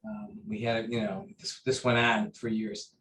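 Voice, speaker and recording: A man recounting memories of his teacher in an interview, earnest and halting, with many fillers and restarts. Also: lowish voice, level tone, a bit bright, a little hiss or hum, rough recording. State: briefly choked up. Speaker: interview guest, taekwondo master. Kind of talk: conversational storytelling.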